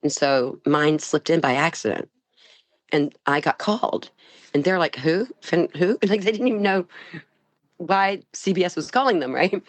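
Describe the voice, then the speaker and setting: An older woman, a guest actress, telling stories in an interview, animated and laughing often. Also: low voice, moderate pace, no room sound. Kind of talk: storytelling interview.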